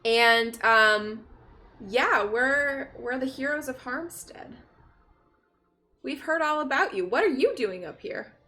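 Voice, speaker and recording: A woman voicing a polite but wary young female hero, a little lower and quieter than her own voice. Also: lively intonation, slow pace, heavily acted. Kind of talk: playing a tabletop game character.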